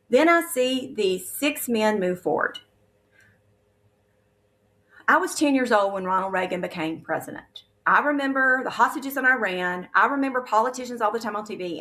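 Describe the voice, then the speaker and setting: A woman's voice: mid-range voice, bright, forceful tone. A woman, earnestly sharing a vivid spiritual testimony as a guest. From Alabama, USA.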